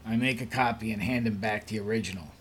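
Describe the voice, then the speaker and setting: A man's voice: on the low side, steady tone, fast talker, fairly bright tone, breathy edge. Dry, matter-of-fact male narrator. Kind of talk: first-person narration of a story.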